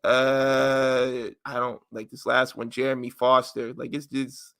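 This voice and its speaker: A man's voice: medium pitch, level tone, takes it slowly, a bit bright, smooth, dry recording, studio quality. A man co-hosting a podcast in casual chat, joking loosely as he reads out listener answers. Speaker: podcast co-host.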